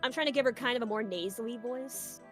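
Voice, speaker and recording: A woman's voice: on the high side, fast, soft background music. A woman chatting playfully with friends on a live stream. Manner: giggly, playful banter. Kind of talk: casual chat on a live stream.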